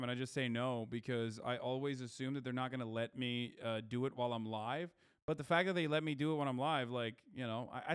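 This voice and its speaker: A man's voice: medium pitch, fairly bright tone, smooth. Profane, rambling male streamer. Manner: loose, profane, rambling with fillers. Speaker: streamer host. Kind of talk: casual livestream chat, reading chat messages.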